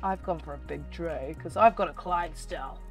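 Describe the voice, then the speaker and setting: A woman chatting excitedly through gameplay commentary, her voice nasal and slightly hoarse. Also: deep voice, a little fast, faint music behind. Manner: chatty and excitable, talking to viewers. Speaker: gaming channel host.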